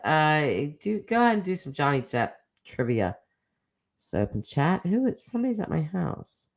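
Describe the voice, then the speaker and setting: A woman's voice: sits low, very animated, creaky. A middle-aged woman hosting a casual livestream chat, reading viewer comments with teasing asides and frequent laughs. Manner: chatty, teasing, laughs often, quick asides.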